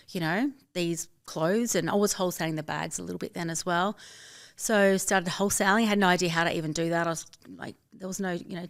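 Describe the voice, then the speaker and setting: A woman's voice: on the low side, creaky, fairly bright tone. A woman with an Australian accent, a business founder telling her story as a guest in a casual interview, upbeat and chatty. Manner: upbeat, chatty, quotes herself and others. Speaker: guest, fashion label founder.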